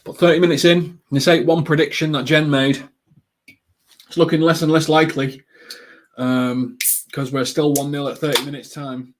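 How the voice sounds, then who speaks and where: A man with a fairly high-pitched voice hosts a live football watchalong, rambling casually with viewers. His talk is full of ums, broken by quick excited bursts at the action.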